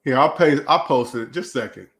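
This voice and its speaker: A man's voice: medium pitch, a little fast, fairly bright tone. A man hosting a livestream, ranting in a preachy, mocking way while reading chat, with a voice still getting over a cold. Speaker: channel host.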